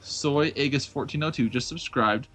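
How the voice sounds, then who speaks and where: A man's voice: mid-range voice, normal speed, a bit bright, a little hiss or hum. A young man streaming live gameplay, chatting playfully with his viewers and mocking his own blunders. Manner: playful, self-mocking, talks to chat.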